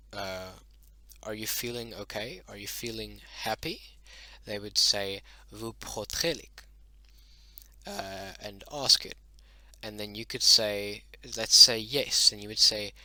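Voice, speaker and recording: A young man talking slowly through a homemade language lesson, his voice bright and tense with a fairly low pitch. He stops often for fillers and corrections and mutters to himself when he slips. The sound is dry and close, with no room around it. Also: no echo. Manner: halting, many fillers and self-corrections, mutters "oh, damn". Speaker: hobbyist language teacher.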